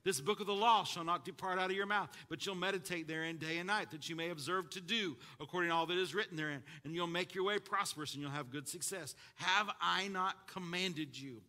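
High bright preacher guy, calls out to the congregation, gets shouty. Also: a little fast, few pauses. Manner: call-and-response preaching to a congregation; builds to shouts at high points. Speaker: pastor. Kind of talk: sermon.

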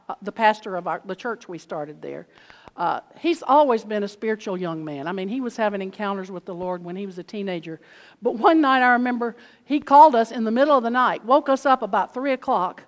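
A woman preaching and telling testimony stories, animated, moving between loud exclamations and hushed asides. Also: fairly high pitch. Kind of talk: sermon storytelling. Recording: long hall reverb.

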